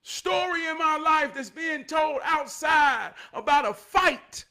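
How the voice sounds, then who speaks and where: A man in his forties telling a neighborhood story from his youth, animated, swinging from loud bursts down to a hush. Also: very high-pitched, slow. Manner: animated, loud bursts, drops to hushed tones. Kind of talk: casual storytelling vlog.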